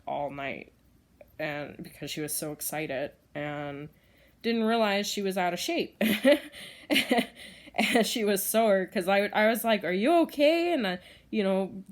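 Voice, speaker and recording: A woman chatting casually in a home vlog, rambling with lots of fillers and frequent laughs. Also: on the low side. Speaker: vlogger. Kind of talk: casual chat.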